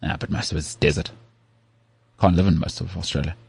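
A man co-hosting a podcast, telling stories in an animated, emphatic way during casual chat. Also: low voice, a little fast, creaky, breathy edge, no echo. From South Africa. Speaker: podcast co-host.

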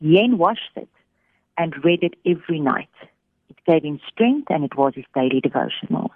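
Lively woman telling a radio story. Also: deep voice, moderate pace, husky, no room sound. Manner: animated storyteller, voices quotes. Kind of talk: faith story told on radio. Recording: thin phone-like radio sound.

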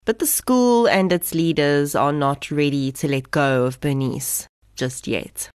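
A woman narrating a podcast story in a measured, scripted way. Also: deep voice, clean tone, dry recording, studio quality.

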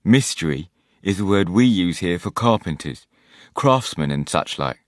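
A man's voice: low voice, expressive, measured pace, no room sound, studio quality. A man voicing an older, worldly male ship's pilot in an audiobook, teasing and drawling. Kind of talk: audiobook character voice.

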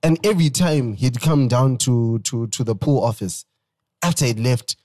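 A man's voice: mid-range voice, normal speed, darkish tone, no echo, studio quality. A Zimbabwean man co-hosting a casual podcast, teasing the others and dropping into Shona. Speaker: podcast co-host. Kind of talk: casual chat.

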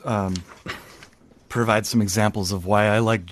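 A man co-hosting a podcast in casual chat, slowly explaining what words mean as he goes. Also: fairly low pitch, steady tone, a little hiss or hum. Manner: thoughtful, explains word meanings slowly. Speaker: podcast co-host.

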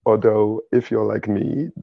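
Low gravelly British man with Nigerian lilt. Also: dry recording, muffled recording. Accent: British English with Nigerian touches. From London, England. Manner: relaxed, chatty, laughs often. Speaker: guest. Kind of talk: casual conversation.

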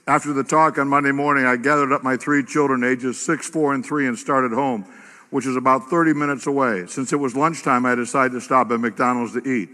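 A man preaching a sermon in a church, telling stories with animated delivery and climbing to loud exclamations. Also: medium pitch, moderate pace. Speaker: pastor. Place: church sanctuary. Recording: long reverb of a large hall.

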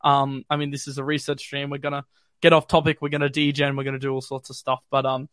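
A man's voice: mid-range voice, completely flat delivery, quick pace, fairly bright tone, no echo, studio quality. A young man with a mild Australian city accent, hosting a casual livestream from his bedroom, chatty and full of fillers as he answers viewer comments. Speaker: crypto livestream host. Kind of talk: casual live-stream chat. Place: home bedroom.

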